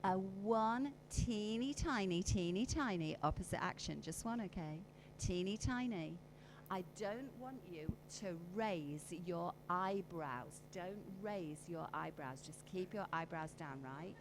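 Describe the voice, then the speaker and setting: Speaking at a conference hall workshop, this woman talks her audience through exercises and acts out feelings vocally. Her voice is on the low side and expressive, at a measured pace. A little hiss or hum marks the low-quality recording.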